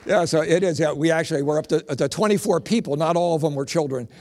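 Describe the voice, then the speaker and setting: A middle-aged man from Pennsylvania doing stand-up comedy as a comedian and preacher, telling animated stories with punchy jokes. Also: a little high, quick pace, some chatter behind.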